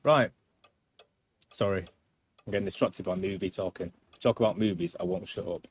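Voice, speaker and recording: A man's voice: low-pitched, normal speed, a little hiss or hum. A man doing casual gameplay commentary on a live stream, rambling and self-deprecating as he chats.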